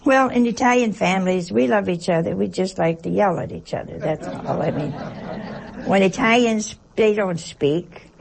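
Gravelly-voiced nun preaching folksily. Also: female voice, mid-range voice, normal speed. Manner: folksy, humorous, full of rhetorical questions. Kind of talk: conversational sermon.

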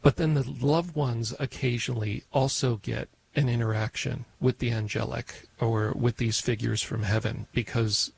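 A man co-hosting a call-in radio show, answering callers in a measured, reflective way with many fillers. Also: medium pitch, steady tone, creaky, slight background noise, low-quality recording. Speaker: radio co-host.

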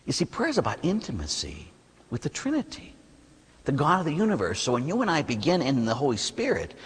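A Catholic priest giving a sermon, preaching in a lively, conversational way with rhetorical questions and playful asides. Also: male voice, medium pitch, breathy edge. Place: church. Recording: long reverb of a church hall.

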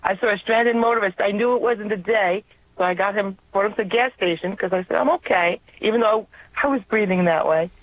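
This radio caller from the New York area speaks at a medium pitch in a brisk manner, her accent clearly New York. Calling by telephone on a tinny line with no echo, she tells an earnest story about her personal faith.

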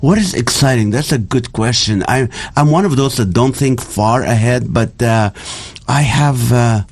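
A middle-aged man from the Middle East chatting casually, telling animated jokey stories with laughter. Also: mid-range voice, unhurried, husky. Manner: animated storytelling with jokes and laughter. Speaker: guest comedian. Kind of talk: casual chat.

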